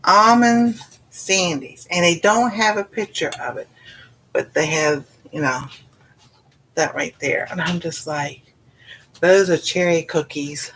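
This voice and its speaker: On her cooking channel's laid-back livestream, a woman with a Southern US accent talks slowly in a slightly low, a bit bright voice, over a little hiss or hum. She rambles folksily between topics, laughing often and saying "y'all."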